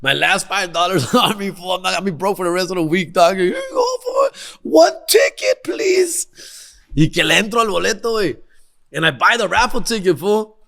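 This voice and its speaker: A young man tells wild stories on his podcast, slangy and excitable, dropping Spanish in as he goes. His voice is forceful and tense. It sits a touch higher than most men's. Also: fast talker, gravelly. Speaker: podcast host. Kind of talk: casual storytelling.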